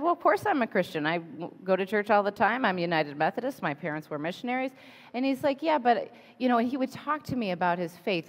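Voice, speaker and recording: A woman pastor in her forties giving a conversational sermon, telling a personal story with lively asides. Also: medium pitch. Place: church sanctuary. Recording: long reverb of a church hall.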